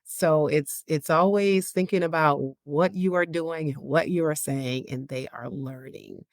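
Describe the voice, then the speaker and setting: A chatty woman hosting a podcast, speaking frankly and easily in a fairly low voice. She talks like a psychiatrist sharing her own parenting life, full of "like" and "you know." The close mic gives a dry, roomless sound. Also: steady tone, unhurried, dry recording. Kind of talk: casual podcast talk on parenting.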